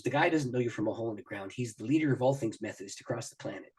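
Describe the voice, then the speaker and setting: A man's voice: medium pitch, expressive, fast talker, few pauses, fairly bright tone, slightly rough. A middle-aged man, a pastor and author, telling personal stories as an interview guest, acting out his own thoughts and laughing often. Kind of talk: animated personal storytelling in an interview.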